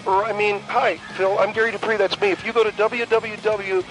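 A man voicing an awkward, obsessive male caller on a comedic radio call-in sketch, who talks in a monotone and keeps repeating the same catchphrase. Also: sits high, a little fast, soft background music, voice pushed up, rough recording. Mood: droning.

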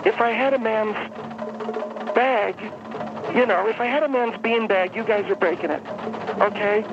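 A man's voice: sits high, moderate pace, music in the background, pitched above the performer's own voice. A man voicing an irritable middle-aged festival organizer who snaps and bosses people around over the phone. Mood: exasperated. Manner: exasperated, snapping, bossy. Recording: muffled phone line, noisy background.

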